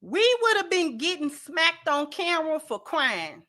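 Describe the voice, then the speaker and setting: High, bright-voiced woman host. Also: unhurried. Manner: animated, emphatic, slangy, talks straight to viewers. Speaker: commentary channel host. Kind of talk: casual commentary.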